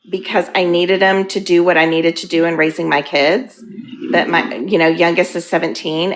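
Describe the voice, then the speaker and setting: A woman in her fifties candidly sharing her recovery story, earnest and halting, weepy and emotional. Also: fairly low pitch, fairly bright tone. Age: 50s. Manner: earnest, halting, with frequent ums.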